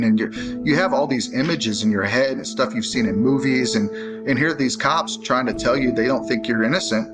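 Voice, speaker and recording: A man's voice: medium pitch, normal speed, over loud music. A man giving a casual personal account in an emphatic, repetitive way, swearing freely. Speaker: interviewee.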